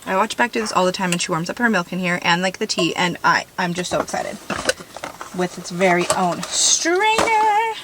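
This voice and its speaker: A woman's voice: on the low side, quick pace, few pauses. Bubbly rambling woman vlogger. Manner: bubbly, gushing, rambling with fillers. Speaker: van life vlogger. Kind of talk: casual vlog chat. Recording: noisy handheld recording.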